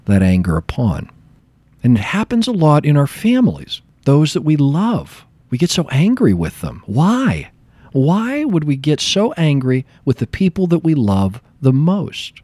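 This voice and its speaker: Male therapist, lively storyteller, expressive pitch, dry booth-like sound. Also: no echo. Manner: animated storytelling, acts out dialogue. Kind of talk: explanatory talk with personal anecdote.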